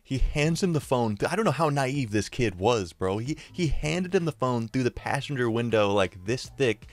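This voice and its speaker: A young man casually narrating a story in a slangy, profane, excitable way. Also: no echo. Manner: excitable, slangy and profane, often rising in pitch and volume. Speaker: storyteller YouTuber.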